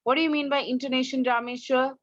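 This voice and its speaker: A woman's voice: high voice, steady tone, fast talker, no room sound, muffled recording. A woman with an Indian English accent teaching English online, correcting her students' pronunciation and drilling them. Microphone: online class, video call.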